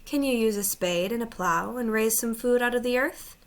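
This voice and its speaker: A woman voicing a wise, solemn male lion ruler in a storybook reading, with grave, measured speech. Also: on the high side, close to an everyday voice. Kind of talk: audiobook reading.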